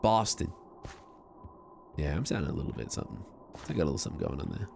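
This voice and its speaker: A male streamer talks casually to his viewers and jokes about himself as he plays. His voice is very low with a gravelly edge, and his pitch rises and falls a lot. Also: wildly swooping pitch, rapid-fire, dark tone, slight background noise. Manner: chatty, self-mocking asides.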